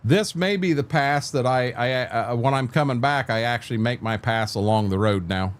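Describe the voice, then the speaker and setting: An older man giving casual commentary as a game streamer, halting and repeating words as he thinks. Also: mid-range voice.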